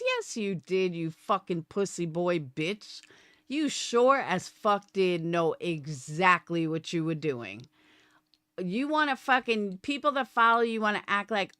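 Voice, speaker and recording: A woman's voice: lowish voice, sing-song, takes it slowly, fairly bright tone, no room sound, studio quality. A woman live streamer ranting at her viewers, profane and combative. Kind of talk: livestream rant.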